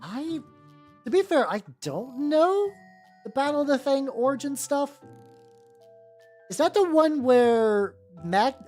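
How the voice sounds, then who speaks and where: A woman's voice: high-pitched, sing-song, slow, long pauses. A young woman chatting casually on a stream while painting miniatures, rambling with lots of fillers and casual swearing. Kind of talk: casual livestream chat. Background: soft background music.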